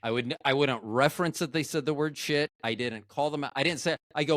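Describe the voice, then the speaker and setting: A man's voice: mid-range voice, expressive, normal speed, hardly any pauses, a bit bright, no echo, studio quality. Chatty man hosting a podcast. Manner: chatty storyteller, acts out quoted lines. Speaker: podcast host. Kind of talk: casual podcast interview.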